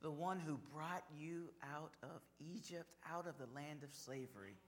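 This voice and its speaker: A man preaching a sermon, slow and measured, building on repeated phrases. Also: on the high side, gravelly, a little hiss or hum. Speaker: pastor.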